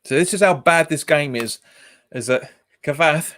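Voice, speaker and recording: A man's voice: fairly high pitch, moderate pace, a bit bright. A man, hosting a football watch-along stream, chatting casually, laughing often and reading out viewer comments. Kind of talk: casual live commentary and chat.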